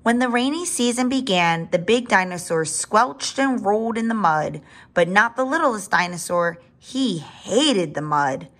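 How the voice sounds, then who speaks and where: A woman reading a children's story aloud in a medium voice. She reads expressively, slowing for drama and turning to chat with young listeners. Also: medium pitch, animated, fairly bright tone. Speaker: reader.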